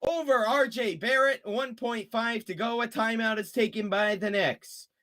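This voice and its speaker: A young man calling a basketball game play by play as an openly partisan fan. His voice sits high and bright, and his delivery is unhurried between plays, with groans and cheers as the action swings. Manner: excitable, rooting for one team, groans and cheers. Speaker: play-by-play commentator.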